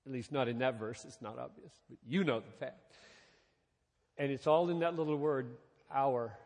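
A man preaching a sermon as a pastor, with dramatic pauses, dropping soft and then rising again. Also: mid-range voice. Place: large church hall. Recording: reverberant hall.

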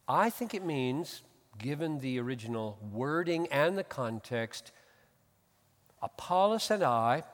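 A middle-aged man preaching a sermon as pastor, building from calm explanation to loud, emphatic peaks. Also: mid-range voice, measured pace, big-room sound. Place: church.

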